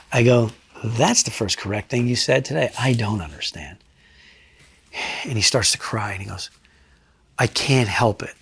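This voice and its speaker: Middle-aged ex-trooper guy, husky, blunt and sweary, goes low and quiet to hit a point, dry close sound. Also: dry recording. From New Jersey. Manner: blunt, profane, drops low and quiet for emphasis. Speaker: retired state trooper recounting a case. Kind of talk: candid interview storytelling.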